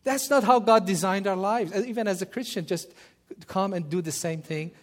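Animated male preacher telling stories. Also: high voice, normal speed. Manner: animated, acts out quoted voices. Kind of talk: sermon with storytelling.

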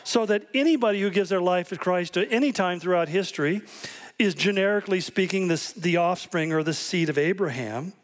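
A man's voice: high voice, a little fast. A man preaching a sermon, telling stories and acting out quoted voices with animation. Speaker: pastor.

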